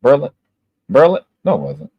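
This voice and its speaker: A man's voice: on the high side, big pitch swings, normal speed, creaky, no room sound, phone-quality sound. A man hosting a live stream, holding forth in an emphatic, lecturing way with plenty of swearing. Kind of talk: casual profane monologue.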